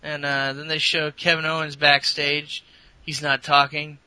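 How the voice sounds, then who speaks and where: A man recapping in casual chat, rambling with lots of fillers and crude humor. His voice is very bright and cutting. The sound is dry and close, with no room around it. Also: on the high side, little pitch movement, a little slow, smooth, no room sound, poor audio. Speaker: podcast host.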